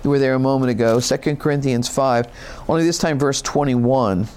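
A man's voice: medium pitch, brisk, darkish tone, slight background noise. A man preaching a sermon, reading scripture and explaining it in a conversational, folksy way with casual asides. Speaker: pastor.

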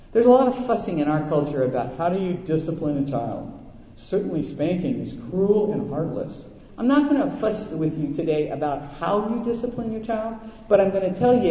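Male pastor, middle-aged, folksy storyteller, mellow tone, dull lo-fi hall recording. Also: high-pitched. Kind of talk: sermon. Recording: echoey hall, dull lo-fi sound.

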